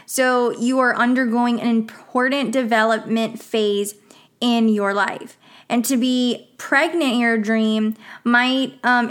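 Chatty young woman, slightly high voice. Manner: chatty, laughing, acts out quoted voices. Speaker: podcast host. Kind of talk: casual solo podcast chat.

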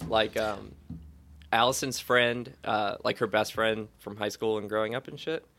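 Male co-host, gravelly voice, easygoing teasing banter. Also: lowish voice, fairly even intonation, normal speed, fairly bright tone. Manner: laid-back, teasing banter. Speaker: podcast co-host. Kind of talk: casual chat.

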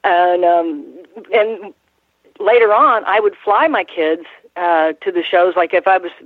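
An older woman, a guest in an interview, telling stories in a rambling, halting way with frequent restarts and laughs. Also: fairly low pitch, no room sound. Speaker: guest, former ring announcer. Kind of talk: casual interview storytelling. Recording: tinny phone line.

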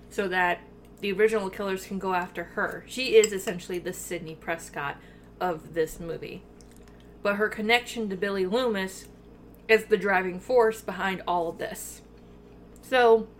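A woman co-hosting a podcast in casual chat, talking in an animated way with lots of fillers and swearing, eating while she records. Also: mid-range voice, a little hiss or hum. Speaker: podcast co-host.

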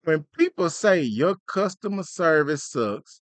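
A man's voice: fairly high pitch, measured pace, dry recording. A man co-hosting a podcast in casual, slangy chat, playing out little skits as he talks. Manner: animated, slangy, plays out skits. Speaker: podcast co-host.

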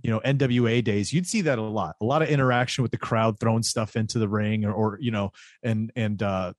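A man co-hosting a casual wrestling chat, talking in quick animated bursts with frequent restarts. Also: fairly low pitch, dry recording. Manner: animated, restarts often, slips into comic voices.

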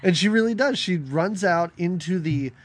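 A man's voice: high voice, normal speed. A man co-hosting a podcast, recapping a film in casual chat, acting out lines and laughing often. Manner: animated, acts out quotes, laughs often. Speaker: podcast co-host.

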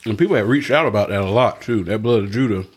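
A man's voice: fairly low pitch, quick pace, slightly rough. A man hosting a podcast in casual chat, rambling with many fillers and laughing often. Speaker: podcast host.

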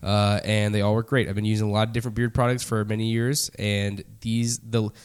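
A man in casual podcast chat, speaking haltingly with repeated restarts. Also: on the low side, little pitch movement, clean tone.

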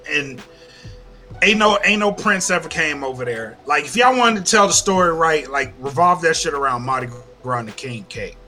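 Man, podcast host, lively swinging delivery, bright forceful tone, profane rant. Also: a little high. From Louisiana. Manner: animated ranting, heavy swearing. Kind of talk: casual chat.

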